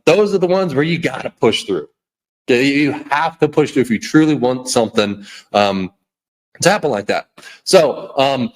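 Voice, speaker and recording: A man hosting a podcast, giving a blunt, preachy motivational rant full of repeats and "okay?". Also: medium pitch. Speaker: podcast host.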